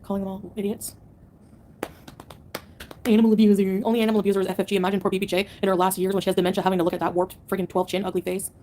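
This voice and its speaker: Woman livestreamer, rapid combative rants, sarcastic, mid-pitched. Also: little pitch movement, dark tone, a little hiss or hum. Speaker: livestreamer answering chat. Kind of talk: live-stream rant to chat.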